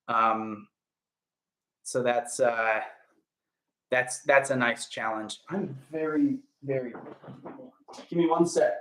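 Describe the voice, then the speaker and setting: Taking his time with long pauses, a young actor with a medium-pitched, fairly bright voice chats on a livestream from home. He upbeatly greets viewers by name and answers their comments, with echo from the room audible.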